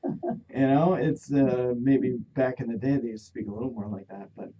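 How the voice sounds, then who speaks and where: A man's voice: medium pitch, moderate pace, breathy edge, distant mic, muffled recording. Easygoing male radio co-host. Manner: easygoing, hesitant with fillers. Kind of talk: casual radio chat.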